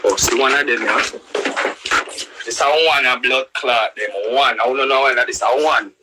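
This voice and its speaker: A young man with a Jamaican accent, live-streaming a profane, loud-mouthed rant in patois. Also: medium pitch, moderate pace, noisy background. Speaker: livestreamer.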